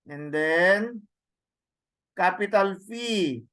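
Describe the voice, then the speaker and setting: A man with a Filipino accent teaching a Greek class, halting and repeating words, often adding a questioning "no?". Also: fairly high pitch, fairly bright tone. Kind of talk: classroom lecture.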